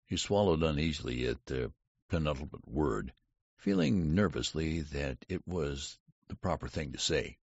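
A man narrates a story in a measured, deliberate way, his voice very low with a gravelly edge. His pitch moves a lot across sentences, lifting for the characters' lines. The sound is husky, dry and a little dull, with no room around it. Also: lively intonation, no room sound. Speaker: audiobook narrator. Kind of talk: scripted narration.

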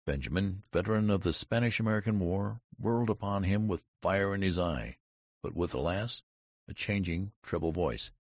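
A man reads a story aloud in a very deep, gravelly voice with a husky edge. His delivery rises and falls expressively. The recording is dry and slightly dull. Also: moderate pace, no room sound. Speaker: audiobook narrator. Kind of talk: scripted narration.

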